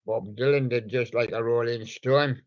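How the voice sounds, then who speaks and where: On a dull, lo-fi recording, a man with a steady mid-range voice and moderate pace hosts live radio, rambling and mumbling as he chats with toy guests in a meandering way.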